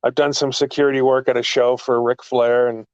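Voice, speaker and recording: Man, casual chat, animated storyteller, rambling restarts, dry, slightly muffled. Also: a little fast, smooth, no room sound. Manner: excitable, jumps pitch when telling stories, rambling restarts. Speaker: guest, actor and former wrestling manager.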